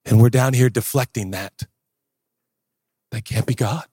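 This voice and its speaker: A man preaching a sermon as pastor, animated and jokey, acting out little dialogues and breaking into sudden shouts. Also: medium pitch, moderate pace, slightly rough, dry recording, clean studio sound.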